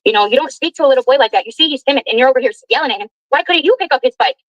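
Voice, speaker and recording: A woman's voice: sits high, animated, very fast, dry recording, dull audio. A woman ranting indignantly and with heavy profanity on a livestream while driving her car.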